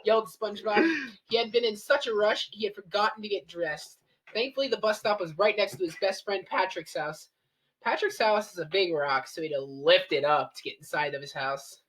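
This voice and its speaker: A woman's voice: mid-range voice, a little fast, husky, poor audio. A woman casually reading a story aloud with friends in a plain, dry way.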